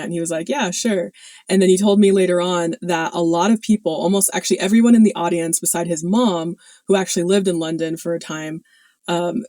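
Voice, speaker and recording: A woman's voice: on the low side, warm tone, dry recording. A woman talking casually to her viewers in a chatty way, full of fillers and small laughs. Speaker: video host. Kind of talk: casual talk to camera.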